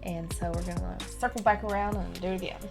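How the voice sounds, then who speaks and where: A woman co-hosting a reaction video, chatting casually and agreeing in drawn-out words. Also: lowish voice, fairly even intonation, music in the background. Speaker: reaction channel co-host. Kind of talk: casual chat.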